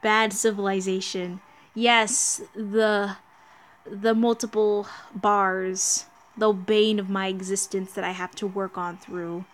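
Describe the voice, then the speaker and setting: A woman's voice: mid-range voice, level tone, slow pace. A woman hosting a let's play, chatting casually and self-mockingly about the game as she plays. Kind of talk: casual gameplay commentary.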